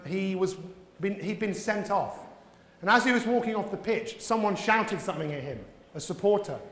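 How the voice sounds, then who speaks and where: Man, keynote speaker, high-pitched, motivational storyteller, echoey hall with long reverb. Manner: lively storyteller, acts out voices. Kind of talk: motivational conference talk. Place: conference hall.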